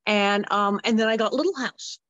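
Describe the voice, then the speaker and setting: Middle-aged woman, interview guest, animated storyteller doing the voices she quotes, dry dull lo-fi sound. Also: mid-range voice, normal speed, no echo. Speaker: interview guest, former child actress. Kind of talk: anecdotal storytelling.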